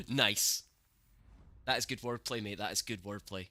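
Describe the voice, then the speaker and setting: A man streaming gameplay, reacting excitably to the match and talking to his chat, cursing at the game. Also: on the low side, no echo. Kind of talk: live gameplay commentary.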